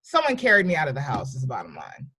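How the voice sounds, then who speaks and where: A woman comedian from New York and Virginia, casually telling lively stories on a podcast and acting out the people in them. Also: deep voice, quick pace. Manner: animated, acts out voices in anecdotes. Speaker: comedian guest.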